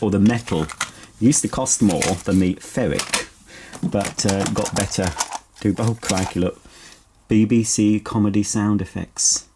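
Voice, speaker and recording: A middle-aged man vlogs from inside his home, chatting with sentimental self-mockery while he goes through old belongings. His voice is fairly low-pitched, and the background is noisy.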